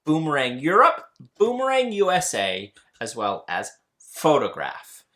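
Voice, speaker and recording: A man's voice: a little high, huge pitch swings, a little slow, bright, forceful tone. A man co-hosting a casual board game haul, plainly explaining how each game plays. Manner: easygoing, explains rules plainly. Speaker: board game channel co-host.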